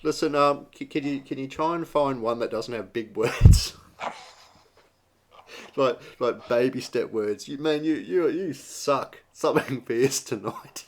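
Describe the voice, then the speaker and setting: A man's voice: medium pitch, a little hiss or hum. An Australian man co-hosting a radio show, joking and teasing his partner with lots of laughter. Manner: teasing, laughs often, quick banter. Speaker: podcast co-host.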